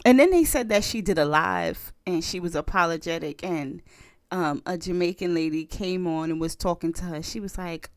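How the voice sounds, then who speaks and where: Speaking at a moderate pace in a fairly low voice, this American podcast co-host keeps things casual, telling animated stories and laughing often. The recording is dry and of studio quality.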